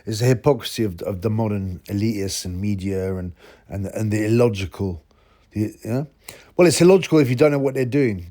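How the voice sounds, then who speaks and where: A man's voice: fairly low pitch, warm tone. A man hosting his own boxing channel, talking in a rambling, combative way with chuckling asides. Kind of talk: ranting commentary vlog.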